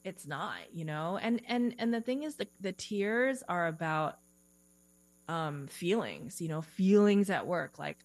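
A woman in a relaxed podcast interview, speaking as a career coach in a slightly low voice. She chats loosely with plenty of "like" and small giggles. A faint electrical hum runs under the recording. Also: unhurried, low-quality recording. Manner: chatty, lots of "like" and "you know", giggly.

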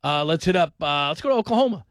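A man hosting a call-in sports radio show, talking in a rambling, animated way that circles back on itself. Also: a little high, fast, no echo, clean studio sound. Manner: rambling, animated, repeats himself.

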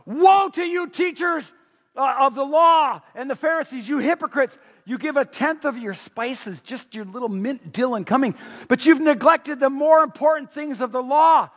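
Preacher acting out a wrathful Jesus, shouted and high, ringing in a big hall. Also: male voice. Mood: angry rebuke. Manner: shouting, fierce, slow and forceful. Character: angry male Jesus rebuking hypocrites.

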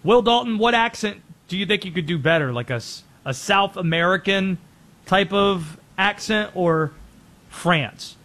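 A man hosting a sports talk show, giving brisk, opinionated commentary and rattling off players and teams. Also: sits high, fairly bright tone.

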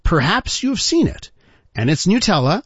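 A man hosting a talk radio show, telling a story in an animated way and calling listeners ladies and gentlemen. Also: high-pitched, normal speed, husky, dry recording. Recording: dull lo-fi broadcast sound.

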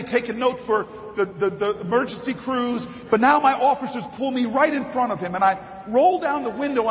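A man giving a rousing political convention speech, telling a story and building to shouted rallying calls. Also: very high voice. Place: large convention hall with a crowd. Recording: echoey hall, dull sound, crowd behind.

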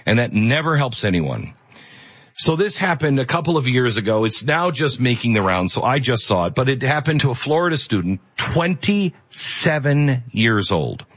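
A man's voice: medium pitch, sing-song, moderate pace, fairly bright tone, slightly rough, dull audio. A male host giving earnest, emphatic opinion commentary.

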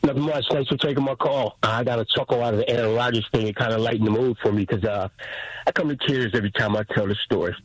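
A middle-aged man calling in to a radio show, telling an emotional story in a halting way over a phone line. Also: mid-range voice, steady tone, dry recording. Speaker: caller.

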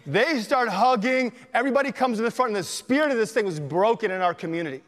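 A man's voice: high-pitched, animated, quick pace, fairly bright tone. A man preaching a sermon in a church, telling stories and acting out the voices of the people in them. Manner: storytelling, acts out quoted dialogue. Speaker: pastor. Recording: long reverb in a church hall.

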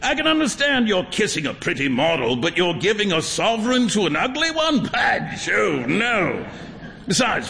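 A man voicing a jovial, teasing upper-class gentleman painter in a story reading. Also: on the high side, long reverb tail, full character voice. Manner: hearty, teasing, laughing.

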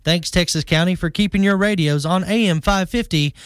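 A man reads a radio station promo in a friendly, plainspoken way. His voice sits a little high and sounds dry and close. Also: fairly quick, a bit bright, smooth, dry recording. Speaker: station announcer.

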